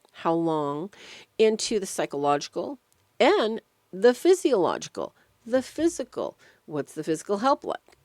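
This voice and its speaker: Woman, lay religious speaker, animated storyteller, lively pitch, dry close sound. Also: no room sound. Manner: animated storytelling with sudden emphasis. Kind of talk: Sunday meditation talk.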